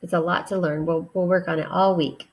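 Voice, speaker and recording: A woman teacher giving a recorded grammar lesson to children, patient and deliberate as she spells out each step. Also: fairly low pitch, fairly even intonation.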